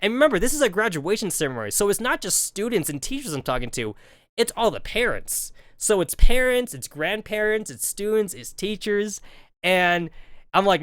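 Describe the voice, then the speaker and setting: A man's voice: high-pitched, big pitch swings, normal speed, fairly bright tone, no room sound, clean studio sound. A man in his thirties telling a rambling, profane story on a game stream, full of "like" and acted-out quotes. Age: 30s.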